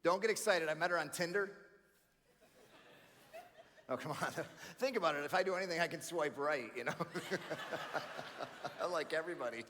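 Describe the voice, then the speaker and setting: A man from New York doing energetic, chatty stand-up comedy as a banquet keynote, often calling the crowd friends and man. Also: on the high side, moderate pace, long pauses. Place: large banquet hall. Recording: live hall reverb with faint room noise.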